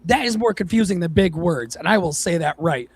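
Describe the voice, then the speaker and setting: Gravelly high-voiced ranting man. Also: lively intonation, a little fast. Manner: ranting, swears freely, mocking voices. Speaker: podcast co-host. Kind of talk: casual profane chat.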